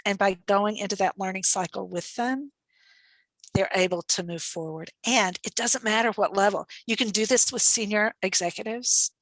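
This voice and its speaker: A thoughtful woman guest speaker answers questions over a video call. Her voice sits at a middle pitch and comes through dry and close, with no room sound. She speaks reflectively and laughs lightly now and then. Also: moderate pace, fairly bright tone, no room sound, rough recording. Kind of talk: online webinar Q&A answer.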